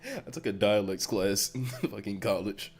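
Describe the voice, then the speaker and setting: A man's voice: on the low side, lively intonation, moderate pace, faint music behind. A young man co-hosting a casual podcast, swearing freely and laughing through his lines. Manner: laughs constantly, profane. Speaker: podcast co-host. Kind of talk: casual crude banter.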